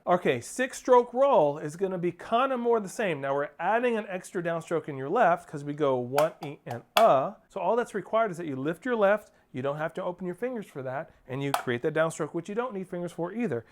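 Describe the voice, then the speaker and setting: A man's voice: high-pitched, expressive, fairly quick, few pauses, background noise. A male percussion teacher giving a drum lesson, coaching steadily, counting off and singing rhythms as syllables. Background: percussion playing.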